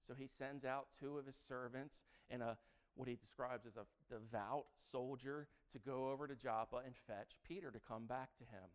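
A man's voice: medium pitch, fairly even intonation, normal speed. A man preaching an interactive sermon to his congregation, chatty and joking as he quizzes the audience. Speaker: preacher teaching a Bible lesson.

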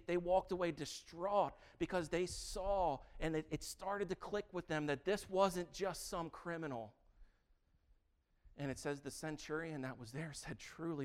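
Male pastor, casual and animated sermon delivery, light tenor voice. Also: on the high side. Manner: animated, conversational preaching with frequent restarts.

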